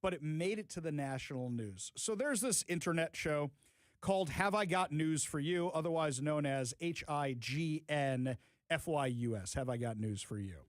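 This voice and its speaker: A man's voice: on the high side, moderate pace, dry recording. A man hosting a talk radio show, mocking and emphatic as he gives his opinions.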